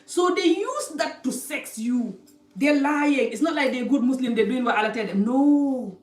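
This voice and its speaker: A woman's voice: high voice, expressive, normal speed, soft background music. A woman vlogger lecturing the viewer directly, emphatic and scolding. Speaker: vlogger giving advice. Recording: roomy, distant from mic.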